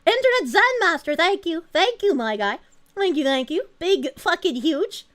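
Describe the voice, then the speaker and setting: A woman streamer chatting live, reacting fast and swearing freely while thanking donors. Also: very high-pitched. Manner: excitable, profane, quick reactions with frequent laughs. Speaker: VTuber streamer. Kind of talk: casual live-stream chat reading donations.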